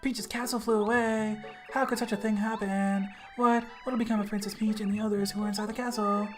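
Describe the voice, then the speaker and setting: High voice, frightened toad girl, a man acting her out, trembling, game music behind. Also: level tone, a little fast, close to an everyday voice. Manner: trembling, panicky. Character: frightened little female toad, Felicity.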